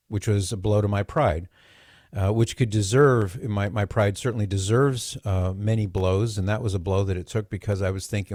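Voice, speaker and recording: Low-voiced man telling a story. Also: normal speed, dry recording, clean studio sound. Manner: animated, acts out quoted dialogue. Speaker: radio show host. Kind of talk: storytelling monologue.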